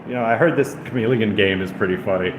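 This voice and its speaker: A man with a fairly low voice talks fast in a casual livestream chat from indoors in his apartment, rambling, putting himself down and cooing at a cat between thoughts. The sound is reverberant with background noise.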